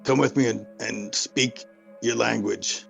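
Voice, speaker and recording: A man answering a game master casually as he plays his character. His voice is gravelly with mid pitch, and faint music runs underneath. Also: fairly even intonation, unhurried. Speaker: player. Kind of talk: playing a character in a tabletop game.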